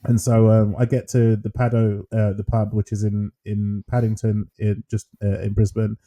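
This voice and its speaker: A man's voice: lowish voice, level tone, normal speed, mellow. A man co-hosting a casual podcast, talking with many ums and laughing often. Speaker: podcast co-host. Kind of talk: casual chat.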